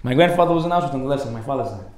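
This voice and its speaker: A man giving a sermon as a rabbi, animated, acting out the voices in his stories. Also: mid-range voice, racing, echoey room. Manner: animated storytelling, acts out dialogue.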